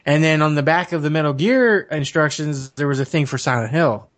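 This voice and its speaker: Man, casual podcast co-host, slightly high voice, rambling laughing storyteller. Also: fairly quick, fairly bright tone. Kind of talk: casual chat.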